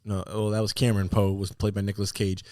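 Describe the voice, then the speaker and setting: A man co-hosting a casual podcast chat, rambling with lots of fillers and sudden excited outbursts. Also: fairly low pitch, fast talker, no echo, studio quality. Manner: animated, excitable bursts between rambling fillers. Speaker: podcast co-host.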